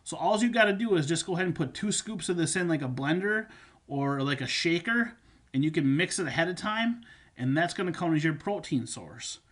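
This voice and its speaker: Male fitness coach, slightly high voice, casual instructional delivery, loose and filler-heavy. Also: lively intonation, fairly quick. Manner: chatty, repeats points with fillers. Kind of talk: instructional talk on supplements.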